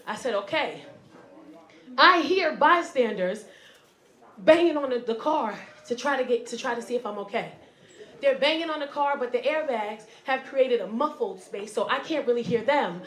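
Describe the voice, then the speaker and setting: A woman comedian telling a stand-up story, acting out the voices and getting loud at the punchlines. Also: a little high, normal speed. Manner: animated, acts out voices and gets loud at punchlines. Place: comedy stage before a live audience. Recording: echoey venue with crowd laughter. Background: audience laughter.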